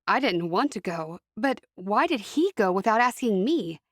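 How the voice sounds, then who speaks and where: A woman's voice: medium pitch, expressive, moderate pace, no echo, studio quality, lightly acted. A woman voicing a peeved young Amish woman who answers in curt, sulky replies.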